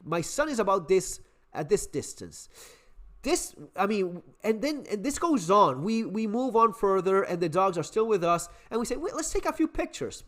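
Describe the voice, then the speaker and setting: A middle-aged man recounts a story in a relaxed, swearing monologue. His voice rides fairly high and swings widely in pitch as he stumbles through restarts and repeated words. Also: moderate pace. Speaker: survival channel host.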